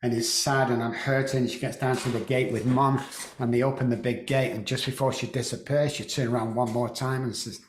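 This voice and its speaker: A middle-aged man telling a painful personal story in a halting way, repeating words and often clearing his throat. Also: medium pitch, steady tone, echoey room, a little hiss or hum. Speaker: guest.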